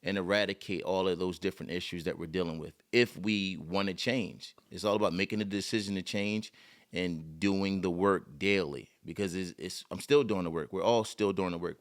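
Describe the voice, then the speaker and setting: A man speaking as a podcast guest, earnest and motivational in a relaxed chat. His voice is very low and sits deep in the chest. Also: fairly quick.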